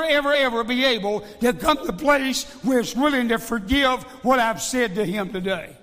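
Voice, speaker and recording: A man's voice: very high voice, normal speed, hardly any pauses, a bit bright. A male evangelist preaching a sermon, emphatic, repeating phrases and firing rhetorical questions. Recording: long hall reverb.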